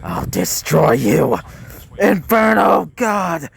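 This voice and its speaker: A man voicing a furious demon-fused villain, shouting slow, menacing threats. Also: mid-range voice, huge pitch swings, creaky, husky, exaggerated voice.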